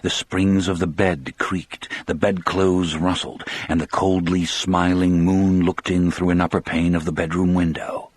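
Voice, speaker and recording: A man narrating an audiobook in a measured, grave storytelling manner. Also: low-pitched, little pitch movement, husky, dry recording. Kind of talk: scripted narration.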